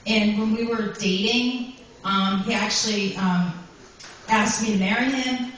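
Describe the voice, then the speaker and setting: A woman doing stand-up comedy in a loose, rambling way that is full of ums and likes, her voice at a middling pitch. The sound is cavernous and echoing, picked up from far off with a faint hiss underneath. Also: unhurried, a bit bright. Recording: echoey room, far from the mic, faint noise.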